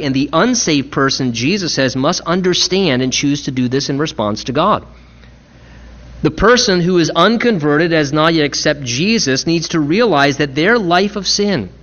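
Guy preaching a sermon, earnest, leans hard on key words, voice a bit high, kinda dull muffled audio. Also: fairly bright tone. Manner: earnest, emphatic, repeats key phrases, slows for emphasis. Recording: muffled lo-fi recording.

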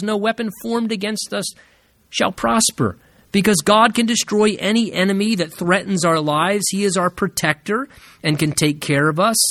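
A man's voice: fairly bright tone, no echo. Earnest preaching man, dry close sound. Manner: earnest preaching, slows and drops low on key words. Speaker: pastor. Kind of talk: sermon.

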